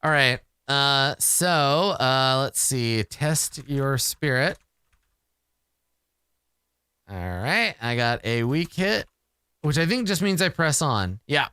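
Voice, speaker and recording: A man's voice: mid-range voice, animated, slow, sharp tone, clean tone, dry recording, clean studio sound. A man playing a solo tabletop role-playing game, thinking aloud about his rolls, self-mocking and exasperated, with casual swearing.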